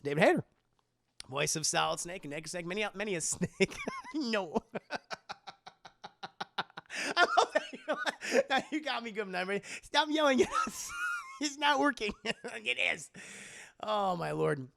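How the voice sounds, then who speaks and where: A man streaming a casual, profane scene-by-scene movie recap to his live chat, quickly acting out the characters' lines. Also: high-pitched, huge pitch swings, creaky, sharp tone. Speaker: streamer and film reviewer.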